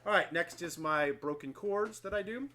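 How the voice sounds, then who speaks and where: A man's voice: sits high, normal speed, bright, forceful tone. A middle-aged brass player casually walking through his daily practice routine, candid and self-deprecating, thinking aloud with small restarts. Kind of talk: casual instructional talk.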